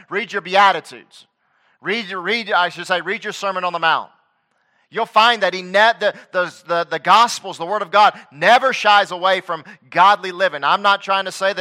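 A man preaching a sermon in a high, ringing voice. He reads scripture aloud, then swings from loud emphatic stresses to hushed asides. His tone stays bright and forward throughout. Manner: reads scripture aloud in King James wording.

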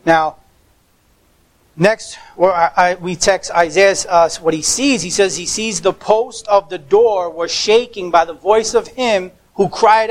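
A man's voice: sits high, rough recording. A man preaching a sermon as pastor, emphatic, stressing words by repeating them, with occasional stumbles.

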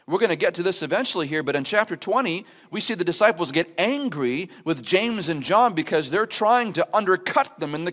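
A man's voice: fairly high pitch, a bit bright. A man preaching a sermon as pastor at a church service, explaining scripture in an earnest, conversational way with emphatic rhetorical questions. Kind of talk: expository sermon.

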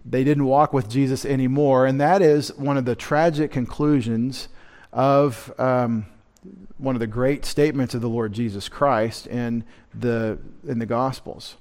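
A man, a pastor, giving a midweek sermon in church, teaching in a lecturing way and rising in pitch and volume to stress key words, with wry asides to the congregation. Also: steady tone, unhurried, a little mellow.

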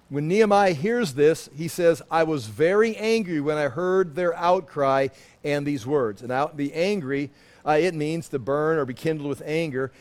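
A man preaching a sermon, teaching through a scripture passage and acting out what people in it say. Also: a little high. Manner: animated, acts out quoted lines. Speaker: pastor.

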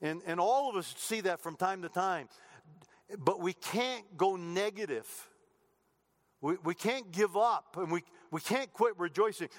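A man's voice: high voice, lively intonation, unhurried. A middle-aged male pastor preaching a sermon earnestly, repeating phrases and restarting as he goes. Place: church sanctuary. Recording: long hall reverb.

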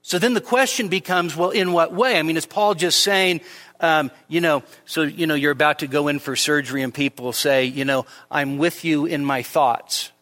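Speaking a little fast in a bright, forceful tone, a man preaches a midweek expository sermon in a church sanctuary that sounds like a large hall. The pastor is conversational, leaning on fillers and "right?" checks, and his voice surges in pitch and volume whenever scripture comes up.

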